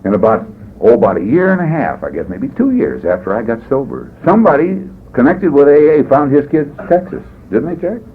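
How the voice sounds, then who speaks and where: A man's voice: medium pitch, big pitch swings, a little fast. Man telling a folksy recovery story on tinny tape. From California. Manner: folksy, rambling, peppers speech with "boy" and "you know". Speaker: recovery meeting speaker. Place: meeting hall. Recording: tinny phone-like 1980s tape, faint hiss.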